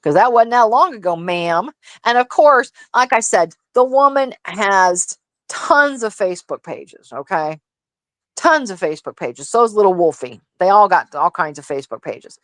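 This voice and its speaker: A woman co-hosting a casual livestream chat, telling gossip in an animated, profane, laughing way. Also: mid-range voice, moderate pace, dry recording. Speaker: livestream co-host.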